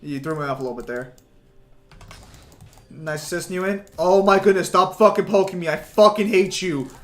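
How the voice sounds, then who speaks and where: A man's voice: high-pitched, moderate pace. A young man streaming games from home, chatting casually to his viewers, rambling with lots of fillers and swearing constantly. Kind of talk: casual gaming stream chat.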